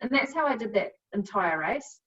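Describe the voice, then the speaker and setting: A woman's voice: mid-range voice, animated, normal speed, a bit bright. Chatty New Zealand woman, distant, dull audio. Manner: chatty, laughs often, many fillers. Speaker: guest, cycle coach. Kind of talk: casual storytelling. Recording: dull, a bit distant from mic.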